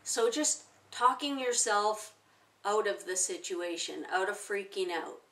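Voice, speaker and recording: A woman in her forties, a self-help teacher, calmly walking through a technique step by step with everyday examples. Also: medium pitch, unhurried, far from the mic. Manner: calm, explaining step by step with plain examples. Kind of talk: instructional talk to camera.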